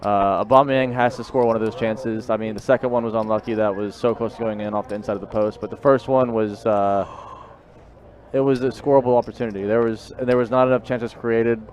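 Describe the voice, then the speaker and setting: A man's voice: lowish voice, steady tone, brisk, darkish tone. Glum man commentating a poker stream. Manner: glum, repetitive, rueful about a sports loss. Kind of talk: casual live-stream chat.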